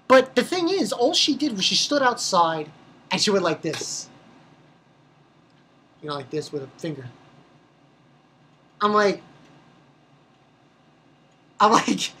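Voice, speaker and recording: A woman with a husky, somewhat breathy voice talks through an anime episode in a loose, unscripted recap. She rambles, swears freely and often trips over her own sentences before pressing on. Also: fairly low pitch, expressive, unhurried, long pauses, fairly bright tone. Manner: rambling and profane, with many restarts. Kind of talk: casual spoken episode recap.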